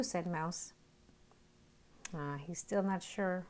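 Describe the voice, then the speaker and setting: A woman educator reading a picture book aloud to young children, gently pointing out the pictures. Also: fairly low pitch, slow pace, pauses often. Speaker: early years educator.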